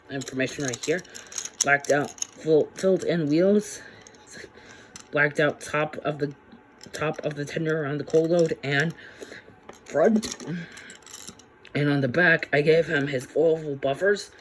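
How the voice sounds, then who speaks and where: A man's voice: a little high, slight background noise. A man casually reviewing a toy train set, chatty and rambling with frequent restarts.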